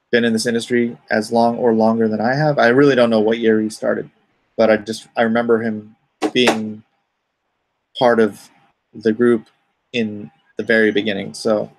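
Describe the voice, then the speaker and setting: A middle-aged man talks loosely through a live stream, with a gravelly, creaky edge to his voice. He rambles between topics and reads out his viewers' comments before replying to them. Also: fairly low pitch, level tone, normal speed, long pauses. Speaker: comic artist hosting a live stream. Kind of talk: casual live-stream chat.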